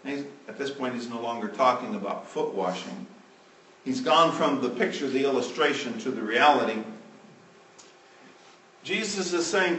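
A male preacher delivering a sermon, swinging between loud emphatic lines and hushed, trailing phrase endings. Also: mid-range voice, animated, normal speed, far from the mic, slight background noise. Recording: roomy, from off the mic.

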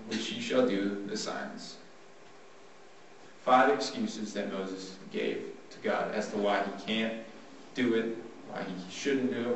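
A faint hiss runs beneath this distant, heavily echoing recording of a man delivering a sincere devotional Bible talk. His voice is fairly low, and he reads scripture at a slow pace before explaining it in simple, everyday language.

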